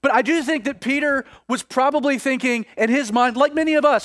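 Guy preaching, pretty high voice, dry close sound, gets big and dramatic then goes quiet. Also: fairly quick, hardly any pauses, no room sound. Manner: dramatic preaching, voices scripture figures with rising intensity. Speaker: pastor. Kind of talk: sermon.

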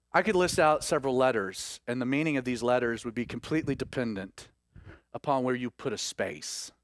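A man preaching a sermon in an animated way, acting out the voices he quotes. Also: a little high, no echo, clean studio sound.

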